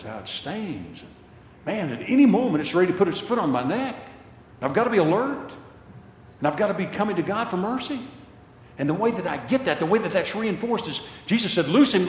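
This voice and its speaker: Older male preacher, impassioned sermon, lively rise and fall, big echoey hall with a long tail. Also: high voice, brisk, a little hiss or hum. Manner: impassioned, repeats phrases for emphasis.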